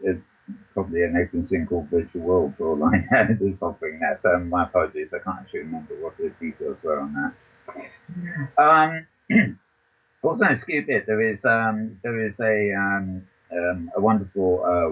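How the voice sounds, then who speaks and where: A man's voice: low-pitched, husky, dull audio. A man hosting a talk show, reading a news roundup and hesitating often with ums and restarts, over a voice call from his computer. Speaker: podcast host.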